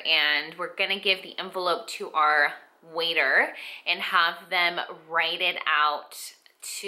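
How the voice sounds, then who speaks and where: A young woman talks straight to camera in a loose, rambling vlog, full of fillers and restarts. Her voice is very bright and a little teary, with a tearful, emotional edge that runs through the whole update. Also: on the low side. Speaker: vlogger. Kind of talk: casual pregnancy update vlog.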